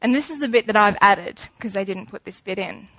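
A young woman gives an informal sermon, chatty and animated, acting out little scenes as she goes. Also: mid-range voice, brisk, no room sound.

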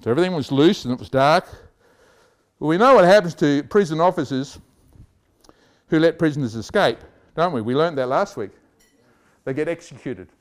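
A man's voice: on the high side, expressive, moderate pace, long pauses. A man preaching a sermon, telling a story with animation and asking his listeners questions.

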